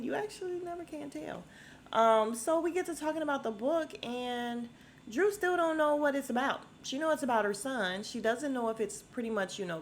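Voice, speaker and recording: A woman's voice: a little high, a little hiss or hum. A middle-aged woman hosting a podcast from home, casually recapping a reality show with blunt, sassy asides and laughs.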